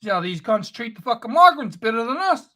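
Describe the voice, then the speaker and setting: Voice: mid-range voice, very animated, a little fast, sharp tone. A speaker delivering an angry, profane, sneering spoken-word rant.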